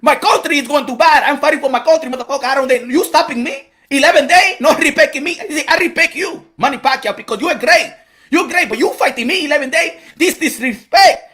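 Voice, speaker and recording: A man's voice: extremely high pitch, quick pace, sharp tone, voice pushed up. A man doing a brash, taunting boxer in broken English. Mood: mock outrage. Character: brash taunting male boxer, outraged at disrespect.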